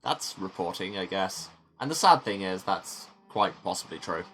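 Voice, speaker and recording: A man's voice: low-pitched, animated, moderate pace, a bit bright, faint music behind. A man hosting a game playthrough, reading the story text aloud and adding wry asides. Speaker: let's play host.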